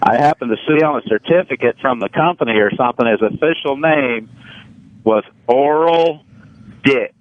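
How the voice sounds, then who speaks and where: A man's voice: mid-range voice, moderate pace, no room sound. Caller, man, chatty storyteller, dull dry line. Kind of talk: phone-in anecdote. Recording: dull, dry phone-in audio.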